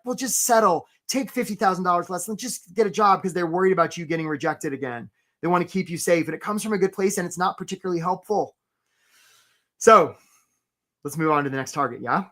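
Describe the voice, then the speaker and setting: A man hosting a live career webinar. He talks with energy, keeps asking "right?" and gives quick shout-outs to viewers. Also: high-pitched. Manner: acts out voices for stories, playful.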